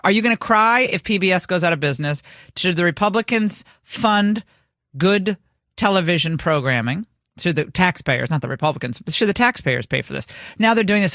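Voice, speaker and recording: A woman's voice: fairly low pitch, a bit bright, no echo. Woman radio host, middle-aged, chatty storyteller, dry booth sound. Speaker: radio talk show host. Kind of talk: casual radio talk. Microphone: studio microphone.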